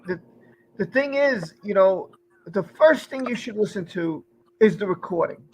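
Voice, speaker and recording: A man's voice: high-pitched, expressive, moderate pace, slight background noise, rough recording. A man hosting a livestream, talking in a laid-back, reassuring way and often repeating himself. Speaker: stream host. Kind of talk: casual livestream chat.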